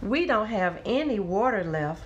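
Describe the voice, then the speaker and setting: A woman's voice: medium pitch, sing-song, unhurried, dull audio, a little hiss or hum. A woman voicing a kind, helpful male frog in a read-aloud storybook.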